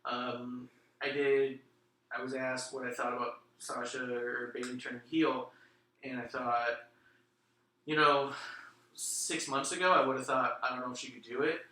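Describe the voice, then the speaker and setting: Male podcast host, sharp bright voice, animated swearing storyteller, echoey room and a mic a bit far off. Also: mid-range voice, a little slow. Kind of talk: casual chat. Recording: roomy room, distant mic, faint noise.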